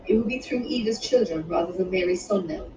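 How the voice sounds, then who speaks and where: A woman reading her own romance novel aloud in a measured, unhurried way, with the odd small restart. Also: on the low side. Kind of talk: audiobook narration. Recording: roomy, distant, muffled home recording with background noise.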